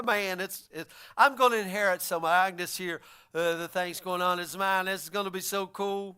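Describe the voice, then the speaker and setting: A man's voice: high-pitched, fairly even intonation, normal speed, bright, forceful tone, clear, resonant tone. A man preaching a sermon, retelling a story and acting out the voices of its figures. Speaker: pastor.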